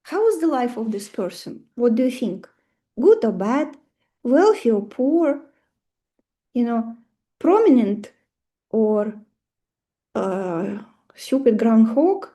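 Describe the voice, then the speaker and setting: A woman leads a live astrology lesson, quizzing her class and acting out little stories. Her voice sits high, with a soft, mellow tone. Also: slow pace, pauses often. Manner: animated, asks the class questions, acts out stories. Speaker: astrology teacher.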